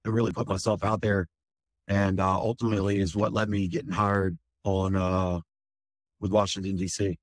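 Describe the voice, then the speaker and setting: A firefighter, telling a candid, rambling personal story in an interview, full of fillers and swearing. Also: male voice, low voice, little pitch movement, normal speed, no echo.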